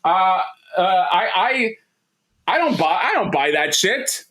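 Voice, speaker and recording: A man's voice: high voice, very animated, slow, pushed and bright. A man co-hosting a casual livestream chat, rambling and joking with lots of restarts and fillers. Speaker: co-host.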